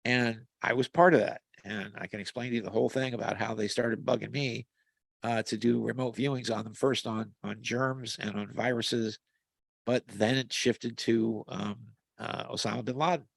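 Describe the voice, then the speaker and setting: A man with a gravelly, fry-edged voice tells long rambling stories, full of restarts and fillers. He sounds close and dry, as if on a video call. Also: mid-range voice, steady tone, normal speed, dry recording. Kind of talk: casual conversational storytelling. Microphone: video call mic.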